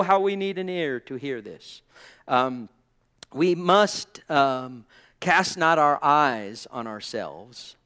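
A man preaching a Bible sermon in a fairly high voice. He moves from quiet musing to loud, fervent bursts and keeps dropping in amens and praises. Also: clear, resonant tone. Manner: frequent amens and praise interjections.

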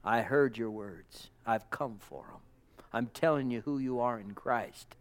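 A man preaching a sermon with passion, calling out amens and praise to the congregation, dropping to a hush and then rising to loud exclamations. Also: mid-range voice, measured pace. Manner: impassioned, swings from hushed murmurs to loud exclamations; calls out amen and praise God to the congregation.

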